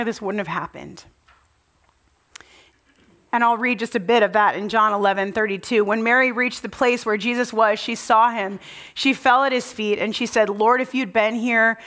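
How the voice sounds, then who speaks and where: A young woman preaching a sermon, telling the story earnestly and dropping to a soft, low voice at tender moments.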